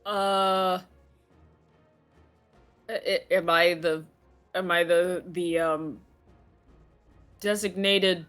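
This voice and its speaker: A man's voice: high-pitched, fairly even intonation, a bit bright, smooth, faint music behind. A man playing a tabletop game who halts and cuts himself off mid-thought. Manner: halting, self-interrupting. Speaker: player. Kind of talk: casual tabletop play.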